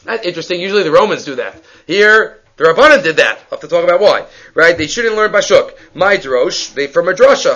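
A man teaching a Talmud lesson, reading Aramaic and Hebrew aloud and explaining it in quick English, acting out each exchange. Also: sits high, dull audio. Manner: animated, acts out dialogue with rising voice. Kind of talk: lively Talmud lecture.

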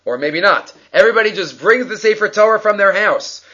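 A man with a high, bright voice teaches a Talmud lesson, reading the text and explaining it line by line. He works through each step aloud. The recording sounds dull and lo-fi. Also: animated, brisk, slightly rough. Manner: explains text line by line, thinking aloud, uses Hebrew and Aramaic terms. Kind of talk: daily Talmud class lecture.

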